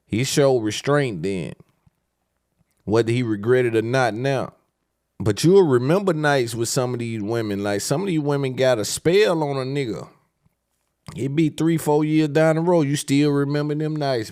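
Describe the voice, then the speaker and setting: A man's voice: mid-range voice, moderate pace, darkish tone, no room sound, clean studio sound. A man hosting a podcast in casual solo commentary, laid-back and slangy, rambling with repeated fillers. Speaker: podcast host.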